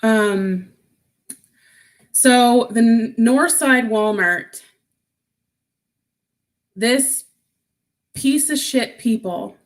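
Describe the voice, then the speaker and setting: A woman's voice: a little high, extremely slow, long pauses. A woman chatting casually on a livestream, reading out and answering viewer comments, getting emotional and close to tears. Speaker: vlogger.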